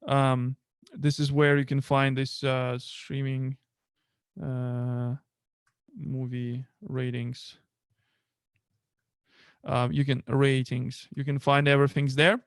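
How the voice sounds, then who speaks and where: A man with a Russian accent hosting a casual tech livestream from home, talking haltingly with many fillers and restarts. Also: mid-range voice, flat delivery, clean tone, no room sound, clean studio sound. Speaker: livestream host.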